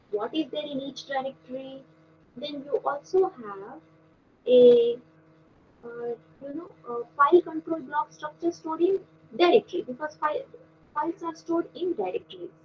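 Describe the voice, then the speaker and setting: A woman lecturer giving an online class, explaining step by step with frequent pauses and fillers. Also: sits high. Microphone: video call. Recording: dull lo-fi call audio with faint noise.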